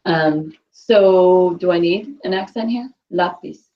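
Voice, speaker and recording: A woman's voice: fairly low pitch, takes it slowly, highs cut off, a little hiss or hum. A woman teaching a Spanish class, patiently quizzing students and repeating their answers.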